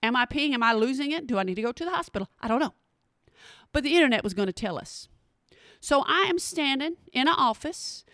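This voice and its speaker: A woman, telling a personal story in an animated, emphatic way and speaking straight to her listeners. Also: high-pitched, a little fast, dry recording, clean studio sound.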